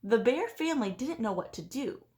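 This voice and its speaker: Expressive woman teacher reading a story. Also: a little high, moderate pace, echoey room. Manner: expressive, sing-song storytelling. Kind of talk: children's story read-aloud.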